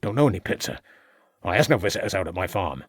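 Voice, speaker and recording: A man's voice: deep voice, sing-song, fast talker, slightly rough, dry recording, clean studio sound, voice pushed down, full character voice. A man voicing a surly, aggressive farmer suspect who talks in defiant, ungrammatical rustic speech.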